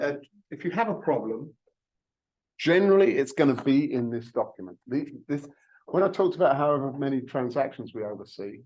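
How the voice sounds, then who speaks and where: A man's voice: medium pitch, a little mellow, low-quality recording. A man in his fifties, a real estate broker giving a jokey, self-mocking training talk to a live audience, often restarting his words.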